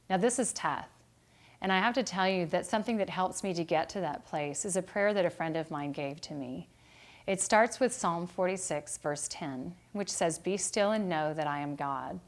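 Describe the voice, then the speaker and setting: A middle-aged woman teaching a devotional Bible study lesson, speaking in a calm and gentle way. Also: on the low side. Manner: calm and gentle, growing quieter toward a meditative close. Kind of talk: reflective devotional talk.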